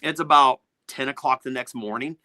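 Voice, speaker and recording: A middle-aged man, a music producer, telling studio stories as a guest with lively, swearing energy, acting out the people he quotes. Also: mid-range voice, normal speed, dry recording. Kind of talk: animated storytelling in a podcast interview.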